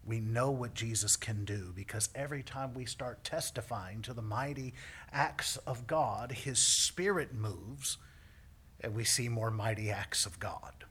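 A male minister preaching a sermon, telling a personal story in an animated way, with frequent laughs and repeated words. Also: mid-range voice, unhurried, husky.

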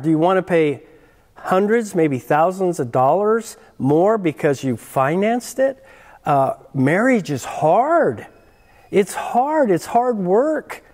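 A man delivers a sermon at an unhurried, measured pace, leaning hard on repeated phrases to drive his point home. His voice sits a little high for a man. The sound carries a long reverb, as in a large church hall. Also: darkish tone. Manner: earnest, emphatic preaching with repeated phrases. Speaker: pastor.

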